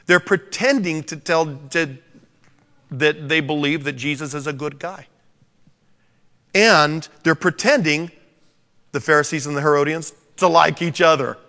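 A man preaching a sermon to a congregation, animated and joking, acting out the scripture quotes. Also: on the high side. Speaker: pastor. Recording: long reverb of a large hall.

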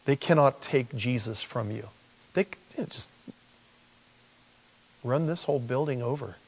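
A man preaching a sermon as pastor, animated and acting out quotes in lively voices. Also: medium pitch, moderate pace, breathy edge. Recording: long hall reverb.

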